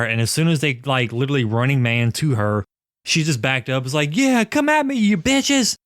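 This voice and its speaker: A man's voice: medium pitch, a bit bright, no room sound, studio quality. A man co-hosting a podcast, casually and profanely retelling scenes from a cult film. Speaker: podcast co-host. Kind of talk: casual movie review chat.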